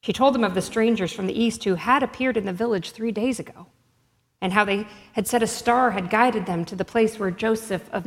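Woman reading a story aloud, measured and expressive, middle pitch, big long hall echo. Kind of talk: scripted storybook narration.

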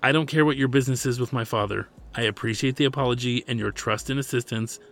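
A man voicing a cold proud princess, curt, dismissive, mid-pitched, storybook reading. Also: fast, fairly bright tone, a little hiss or hum, natural voice.

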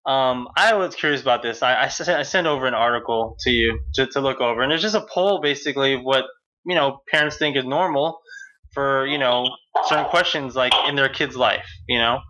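A man's voice: mid-range voice, fairly quick, bright, forceful tone, muffled recording. A middle-aged man hosting a casual chat about parenting, rambling with many fillers and restarts. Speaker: podcast host.

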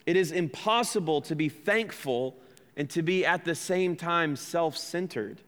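Earnest American pastor preaching in a reverberant church. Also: male voice, on the high side, measured pace, fairly bright tone. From United States. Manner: earnest, conversational preaching with rhetorical questions and self-deprecating asides. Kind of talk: sermon. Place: church sanctuary.

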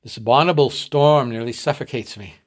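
A man's voice: mid-range voice, fairly quick, natural voice. A man reading the part of a young boy, out of breath and trying to sound brave. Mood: winded. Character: tired young boy on snowshoes, gallant.

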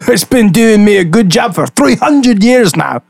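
A man's voice: sits high, expressive, measured pace, creaky, breathy edge, no echo, faint music behind, voice pushed up, heavily acted. A man voicing a jovial, hearty three-hundred-year-old male traveler in a tabletop game.

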